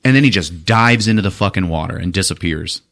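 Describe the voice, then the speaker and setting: A man hosting a podcast, retelling a movie in profane, animated casual chat. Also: low-pitched, a little fast, creaky. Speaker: podcast host.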